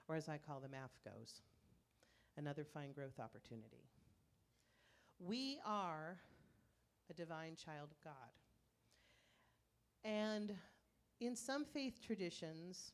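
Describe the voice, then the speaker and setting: A woman's voice: mid-range voice, takes it slowly, pauses often. A woman minister giving a conversational sermon in a church, telling stories and acting out inner voices. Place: church sanctuary.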